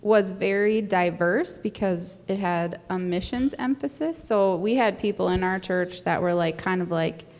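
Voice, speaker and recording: Chatty young woman with a gravelly low voice. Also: unhurried, hardly any pauses, a little mellow, big-room sound. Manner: chatty, rambling with fillers and laughs. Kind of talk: casual conversation.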